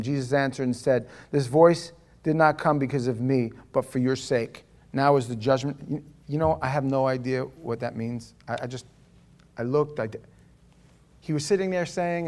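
A pastor preaching a sermon, swinging from loud emphatic lines to quiet asides, with chatty restarts and stammers. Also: male voice, medium pitch.

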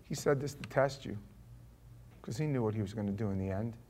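A man in his forties preaching a sermon, animated, swinging from loud exclamations to hushed asides and acting out quotes. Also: on the low side, brisk, slight background noise. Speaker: pastor.

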